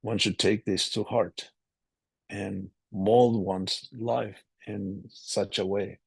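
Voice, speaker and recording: Gravelly-voiced man giving a scripture class. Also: on the low side, little pitch movement, no room sound. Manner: slow, measured reading and reflective explanation. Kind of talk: scripture class on a video call. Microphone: video call.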